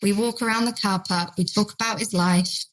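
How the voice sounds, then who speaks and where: Casting: woman, trainer type, storyteller who voices the quotes, mid-pitched. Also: steady tone, normal speed, low-quality recording. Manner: acts out carers' and residents' lines in quoted voices. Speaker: dementia trainer. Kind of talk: podcast conversation, storytelling.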